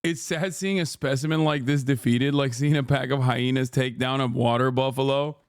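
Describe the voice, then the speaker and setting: A man's voice: medium pitch, steady tone, normal speed, clean tone, no echo. A man streaming and musing casually about a video he is watching. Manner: musing and joking. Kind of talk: casual reaction commentary.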